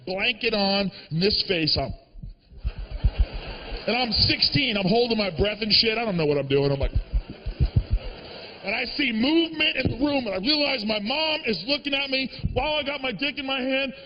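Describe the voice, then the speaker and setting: A man from the Boston area performing a stand-up comedy set, telling stories in an animated, profane way. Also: high-pitched, long reverb tail, dull audio.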